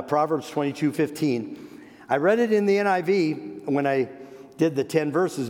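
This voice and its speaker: An older man, a grandparent, giving an earnest sermon on parenting, repeating words and slowing down for emphasis. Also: mid-range voice, darkish tone. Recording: long echoey hall reverb.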